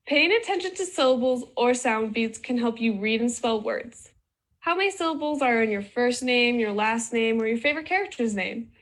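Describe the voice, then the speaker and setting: A woman presenting a children's phonics video in slow, clear, sing-song scripted narration. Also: fairly high pitch, noisy background.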